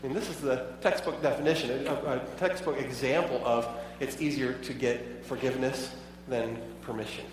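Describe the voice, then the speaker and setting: A man's voice: medium pitch, steady tone, normal speed, few pauses, a little hiss or hum. A pastor preaching a sermon in a conversational way, asking his listeners many rhetorical questions. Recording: echoey hall, voice from far off.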